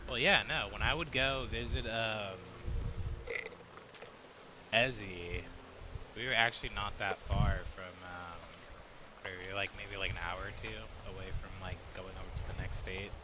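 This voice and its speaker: A man's voice: lowish voice, steady tone, unhurried, noisy background. A man chatting casually with friends while gaming, rambling and laughing often, swearing casually. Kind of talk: casual chat.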